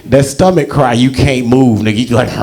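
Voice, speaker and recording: A young man performing a stand-up comedy set on stage, telling a profane story and acting out the voices in it. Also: mellow. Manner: profane, storytelling, acts out quotes with big pitch jumps. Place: comedy show in a library.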